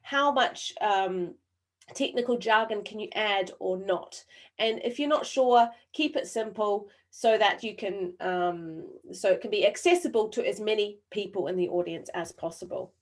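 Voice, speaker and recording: Her accent is from New Zealand, though years abroad have smoothed it out, and her voice sits in the mid-range. As a webinar presenter running a training session on a video call, she pauses often, uses fillers, speaks deliberately, and draws viewers in by asking them questions through the chat.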